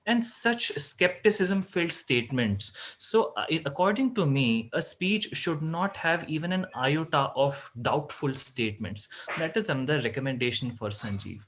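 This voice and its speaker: A man's voice: a little high, animated, normal speed, few pauses, a bit bright, poor audio. A man giving a formal, structured evaluation of a speech at an online club meeting. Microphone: video call.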